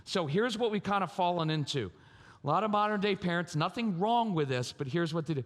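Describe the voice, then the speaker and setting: A high-pitched man gives an animated conference talk on parenting. His voice rings through a large hall with a long echo. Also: moderate pace. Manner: animated, acts out yelling and sweet parent voices. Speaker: parenting speaker. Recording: reverberant hall.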